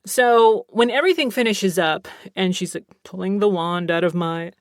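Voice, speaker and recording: A woman podcast host telling a personal story in a chatty, animated way, acting out what others said. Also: mid-range voice, moderate pace, dry recording, studio quality. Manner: chatty, animated, quotes others, swears casually. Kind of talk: casual storytelling.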